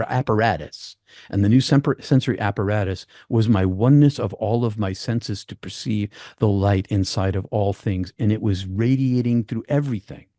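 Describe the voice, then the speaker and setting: Low, mellow male guest, dry sound, halting, repeats words. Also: dry recording. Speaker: podcast guest. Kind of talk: personal storytelling.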